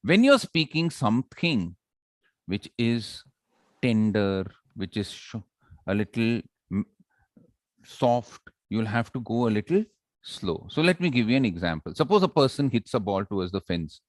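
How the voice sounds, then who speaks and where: A man runs a public speaking workshop, his pitch leaping up and down as he acts out examples. He keeps tossing questions to the room in a playful, teasing way. The sound is dry and close. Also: normal speed, no echo. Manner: lively, playful, talks to the audience with questions and demonstrations. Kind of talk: live workshop talk.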